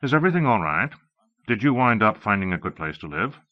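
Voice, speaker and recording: A kindly, bearded research director with a warm, grandfatherly manner, as a male narrator puts him on. The lines swing brightly up in pitch. It comes through dull, lo-fi cassette audio. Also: sing-song, fast, no room sound.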